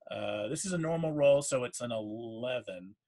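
A man running a tabletop game as game master, at a middle pitch with a husky, breathy tone. He narrates hesitantly, circling back and restarting sentences. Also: animated, normal speed, mellow. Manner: hesitant, full of fillers and restarts.

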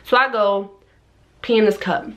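A young woman vlogger telling a story in a casual, animated way, acting out everyone in it with big jumps in her voice. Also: mid-range voice, normal speed.

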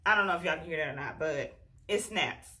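A woman's voice: low voice, a little fast, bright, forceful tone. Woman vlogger, casual and exasperated, chatting straight to camera as she works on her hair. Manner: exasperated, chatty, talks to viewers as "y'all". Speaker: beauty vlogger. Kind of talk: casual hair tutorial chat.

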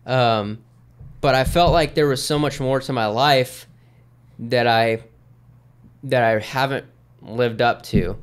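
A man in his thirties with a smooth, resonant voice, chatting as a podcast guest. He tells his stories in a loose, easygoing ramble, full of "uh" and "um," at a mid-range pitch. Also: slow pace, pauses often. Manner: easygoing, rambling, with many fillers. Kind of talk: casual storytelling in conversation.

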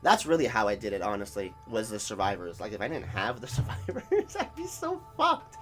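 A man's voice: fairly low pitch, big pitch swings, fairly quick, fairly bright tone, soft background music. A man hosting a gaming channel, giving let's-play commentary and swearing in frustration at the game. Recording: game gunfire under the voice.

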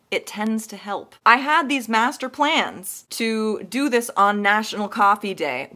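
Chatty woman, slightly high voice. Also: fairly bright tone. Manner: chatty and self-deprecating, laughing often. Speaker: ukulele cover musician and channel host. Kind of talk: casual chat to camera.

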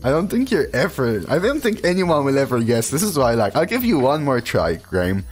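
A man's voice: mid-range voice, sing-song, a little fast, faint music behind. A man streaming a card game, chatting casually and reading viewer messages aloud between plays. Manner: casual, chatty, reads chat aloud and answers it.

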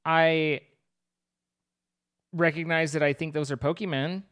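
A man's voice: on the high side, little pitch movement, a little slow, a bit bright, smooth. A man casually talking through a multiplayer game with a teammate, joking and rambling as he plays. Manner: playful, rambling banter. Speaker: gaming video host. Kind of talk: casual gaming chat.

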